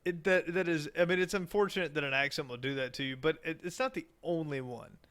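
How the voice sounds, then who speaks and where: Speaking fast in a fairly high, slightly bright voice, a man with a Southern American accent co-hosts a casual podcast chat. His humor is crude and joking, and he slips into mock voices now and then.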